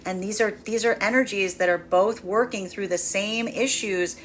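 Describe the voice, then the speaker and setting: A woman's voice: medium pitch, fairly even intonation, moderate pace. A woman tarot reader giving a livestreamed collective reading, speaking in flowing, repetitive, emphatic phrases.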